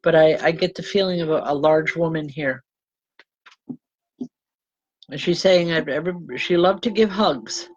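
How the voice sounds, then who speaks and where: A woman's voice: deep voice, a little slow, pauses often, darkish tone, muffled recording. A woman reverend giving live spiritual readings to viewers. She talks informally, uses endearments like hon and babe, and breaks in with ums and restarts. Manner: chatty and informal, calling people hon and babe, with frequent ums and self-corrections; often laughs and apologizes to the audience.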